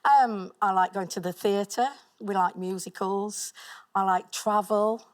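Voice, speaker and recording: A woman's voice: mid-range voice, steady tone, takes it slowly. A woman, a quiz contestant, speaking hesitantly with ums. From Chesterfield, England.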